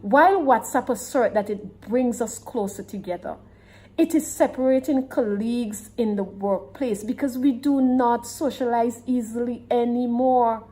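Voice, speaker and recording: A woman's voice: a little high, measured pace, warm tone, rough recording. A woman student giving a formal oral presentation with emphatic delivery.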